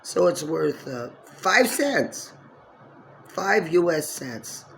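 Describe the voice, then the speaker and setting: A man in his sixties talking to camera in a long rambling monologue, swinging from low mutters to loud outbursts, indoors in his apartment building. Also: sing-song, very slow, vocal fry, slight background noise. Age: 60s. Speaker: vlogger.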